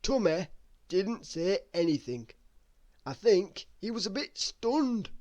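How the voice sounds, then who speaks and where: A woman reading a bedtime story aloud in an expressive, unhurried way. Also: mid-range voice, dry recording.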